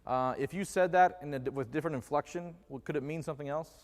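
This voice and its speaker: A man's voice: on the high side, fast. A man preaching a conversational sermon in a church, joking and putting questions to the congregation. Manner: jokey, quizzes the congregation with questions. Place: church sanctuary. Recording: long reverb of a church hall.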